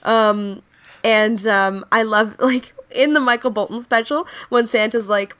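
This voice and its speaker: A woman's voice: a little high, normal speed, a bit bright. A woman chatting casually on a podcast, telling funny stories animatedly with lots of fillers and giggles. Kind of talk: casual chat.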